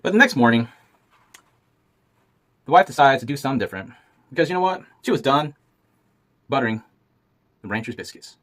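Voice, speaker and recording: Animated man telling a folksy tale. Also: mid-range voice, normal speed, pauses often. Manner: playful, folksy, voices characters. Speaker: storyteller. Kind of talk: animated storytelling.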